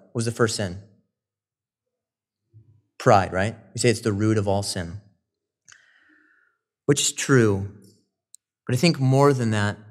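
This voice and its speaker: A man preaching a sermon, animated and rising loud on emphasis, with quoted asides. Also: on the low side. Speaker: pastor.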